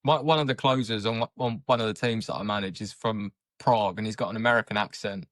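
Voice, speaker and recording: A man's voice: lowish voice, fast, no room sound, studio quality. A man who manages a sales team, co-hosting a casual podcast with an emphatic, sweary delivery. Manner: forceful, sweary, emphatic when making a point.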